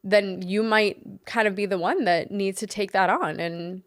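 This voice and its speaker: A woman's voice: mid-range voice, moderate pace, no echo, studio quality. A young adult woman co-hosting a podcast, chatting in an earnest, talkative way with lots of "like" and "um". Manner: chatty, earnest, says "like" and "um" often. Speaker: podcast co-host. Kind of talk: casual chat.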